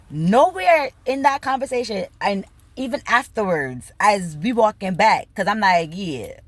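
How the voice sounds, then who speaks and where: A woman telling a story in a casual rant, animated and bubbly, swearing freely and acting out both sides of conversations, laughing now and then. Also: medium pitch, unhurried. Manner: bubbly, laughs between lines. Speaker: vlogger.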